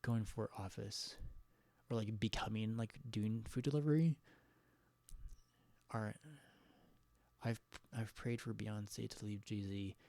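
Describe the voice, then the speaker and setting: A man hosting a casual live chat with callers, relaxed and stammering, often laughing. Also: lowish voice, a little slow, pauses often, dry recording. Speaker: livestream host taking callers.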